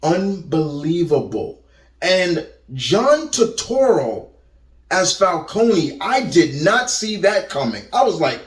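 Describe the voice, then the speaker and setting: A man's voice: sits high, sing-song, takes it slowly, recorded from a distance. A man giving a casual, rambling movie review, often restarting and repeating words. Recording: roomy echo, voice set back from the mic.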